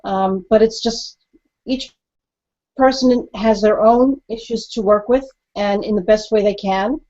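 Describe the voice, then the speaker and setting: Woman on a web talk panel, slow and halting, muffled audio. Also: medium pitch, dark tone. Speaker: co-host. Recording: dull lo-fi web-show audio.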